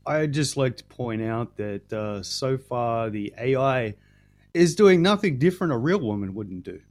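A man's voice: mid-range voice, expressive, measured pace, darkish tone. A man co-hosting a podcast in casual chat, blunt and joking, swearing as he talks.

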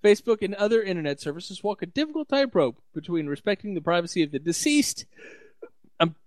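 A man with a slightly high voice hosts a casual tech podcast, sounding sardonic and wry. He laughs often as he reads the news aloud, and the room is very dry and close. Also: very animated, a little fast, no echo. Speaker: podcast host.

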